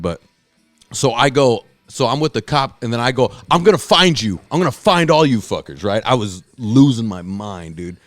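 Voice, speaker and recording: A man hosting a podcast, telling a wild story in casual, profane chat and acting out the people in it. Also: no echo. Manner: profane, animated, acts out quotes in a loud high voice. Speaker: podcast host.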